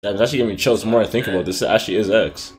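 A man's voice: fairly low pitch, rapid-fire. A man hosting a reaction video, chatting casually with frequent laughs, slang and swearing.

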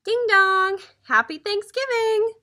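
A woman doing a squeaky, fretful storybook turkey. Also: slow, bright, forceful tone, exaggerated voice. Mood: cheery. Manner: exaggerated storybook character voice. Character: anxious male turkey in disguise, cartoonish.

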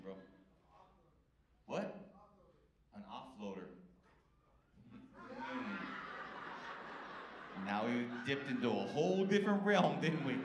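A male stand-up comedian doing brash, profane, teasing crowd work on a club stage. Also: mid-range voice. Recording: echoey club with crowd noise.

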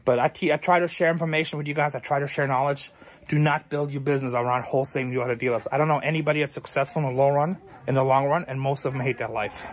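A tired thrift store owner who vlogs talks casually to camera, rambling through frank advice for his viewers. His mid-range voice stays steady in tone while he speaks rapid-fire.

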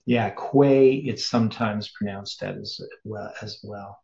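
Low gravelly man, casual study partner, dull lo-fi sound. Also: level tone, a little mellow. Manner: chatty, slows to spell out pronunciations. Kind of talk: casual chat.

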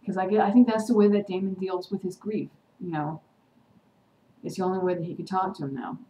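The vlogger, a woman with a fairly low, mellow voice, speaks briskly and in a steady tone as she recaps a TV episode. Despite the casual format, she's indignant and heated, occasionally mimicking sarcastically. Faint ambient noise and echo fill the room.

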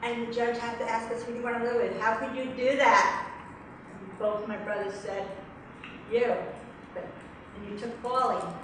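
A middle-aged woman in an emotional tapping exercise, speaking haltingly and repeating phrases back in anger. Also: a little high, steady tone. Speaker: workshop volunteer. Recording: echoey room, distant mic, some noise.

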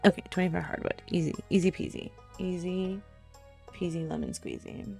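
A woman talks her viewers through a game in easy, running commentary. Her voice sits mid-pitch with a mellow, slightly gravelly texture. She gets swept up in excitement and thinks out loud as she plays. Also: normal speed, faint music behind. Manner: excitable, exclaims and thinks aloud while playing. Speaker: let's play host. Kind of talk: casual gameplay commentary.

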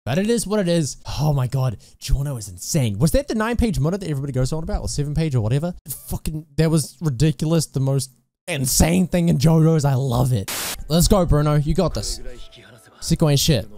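A man hosting an anime reaction video, reacting with loud, swearing outbursts and shouts. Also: fairly high pitch, animated, a little fast, dry recording. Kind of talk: excited reaction commentary.

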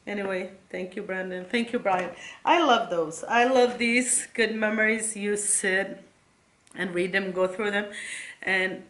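A middle-aged woman reading old letters from her sons aloud, tender and halting, close to tears. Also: medium pitch, fairly bright tone. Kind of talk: emotional casual vlog reading.

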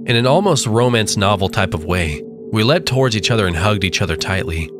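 A man with a low, expressive voice tells a first-person horror story, lingering dramatically over lines. Faint music plays beneath his narration. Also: brisk.

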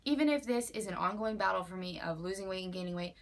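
A young woman in her twenties speaks earnestly in a personal vlog, quick and expressive at a medium pitch. She's emphatic and repetitive, full of likes and repeated phrases, and at times sounds close to tears.

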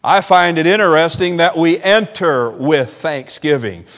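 A man with a Southern accent, a pastor preaching a sermon with animated swings in volume and laughing asides. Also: on the high side, unhurried, big-room sound. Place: church sanctuary.

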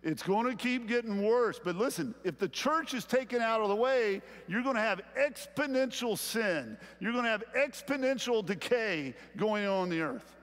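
A male pastor with a Southern US accent preaching a sermon in a conversational way, slowing down to stress key phrases, in a large church sanctuary. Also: sits high, animated, a bit bright, big-room sound.

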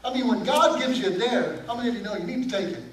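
A male pastor preaching a sermon, animated, throwing questions out to his congregation. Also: sits high, quick pace. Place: church sanctuary. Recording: echoey sanctuary, distant mic, faint room noise.

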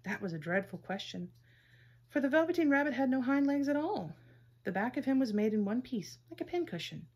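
Gentle breathy woman storyteller. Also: sits high, sing-song, a little fast, highs cut off. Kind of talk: children's story read-aloud.

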